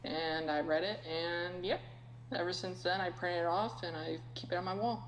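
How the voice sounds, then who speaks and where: Low-pitched young woman sharing a story, slow and open, faint hum in the back. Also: fairly even intonation, in a large hall, poor audio. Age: young adult. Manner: slow, candid storytelling, soft laughs. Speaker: podcast guest. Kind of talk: casual podcast chat.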